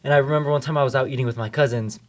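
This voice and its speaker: A man's voice: mid-range voice, fairly even intonation, racing. A young man co-hosting a podcast, chatting casually in a wry, easygoing way and often trailing off mid-thought. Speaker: podcast co-host. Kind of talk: casual chat.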